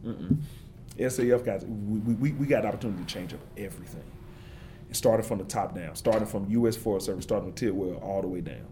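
Guy talking about his work with real passion, hammers points by repeating them, slight rumble behind. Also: fast talker, mellow. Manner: emphatic, repetitive, preacher-like build-ups. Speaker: forester and interview guest. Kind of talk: passionate interview talk.

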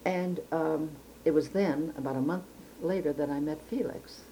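A woman's voice: sits low, normal speed, dark tone, a little hiss or hum, rough recording. An older woman from Chicago recalling her life in an oral history interview, speaking in a reflective, precise way with frequent restarts. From Chicago, United States.

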